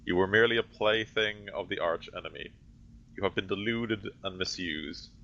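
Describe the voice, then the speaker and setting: A man's voice: low voice, moderate pace, creaky, sharp tone, heavily acted. A man voicing a cold, severe male Inquisitor who delivers curt pronouncements. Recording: dull lo-fi audio.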